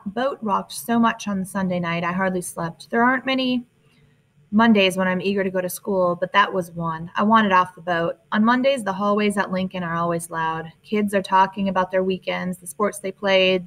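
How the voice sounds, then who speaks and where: A woman narrating a first-person novel in a plain, steady reading voice. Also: mid-range voice, moderate pace, poor audio. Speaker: audiobook narrator. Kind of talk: audiobook narration.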